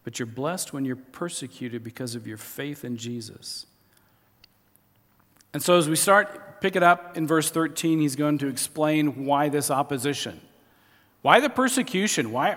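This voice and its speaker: A man's voice: on the high side, expressive, measured pace, a bit bright. A middle-aged man preaching a sermon as pastor, conversational, often restarting his phrases. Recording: long reverb of a large hall.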